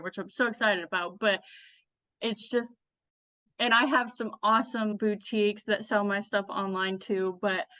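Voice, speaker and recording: A woman with a bright, forceful voice tells her story in a loose, animated way, laughing often and speaking bluntly. The recording is dull and lo-fi, and very dry. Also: mid-range voice, no room sound. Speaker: guest, Western fashion influencer. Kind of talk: casual storytelling.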